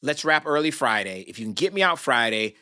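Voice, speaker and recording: A man's voice: big pitch swings, brisk, bright, forceful tone. A man imitating a sly, offhand comedian. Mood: reassuring. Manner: low-key, offhand, deflecting. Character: sly, scheming male comedian, casual and wheedling.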